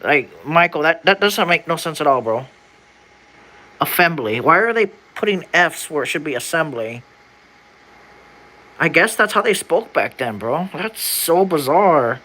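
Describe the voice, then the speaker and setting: Young adult streamer with a bright, ringing tone and mid-range pitch, chatting casually and stumbling as they sound out words. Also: expressive, normal speed, poor audio. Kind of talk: casual livestream chat while reading an old document aloud.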